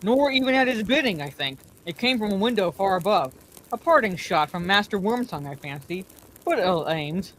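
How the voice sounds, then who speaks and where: A woman's voice: mid-range voice, lively intonation, normal speed, fairly bright tone, a little hiss or hum, close to an everyday voice. A woman reading aloud, voicing an old male wizard who speaks sternly and with authority. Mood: grave. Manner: stern and commanding.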